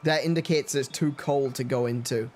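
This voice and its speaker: A man's voice: mid-range voice, steady tone, moderate pace, a little hiss or hum. A man casually commenting on his gameplay during a live stream, joking with chat and laughing often. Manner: playful, jokey, laughs a lot, talks to chat. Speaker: game streamer.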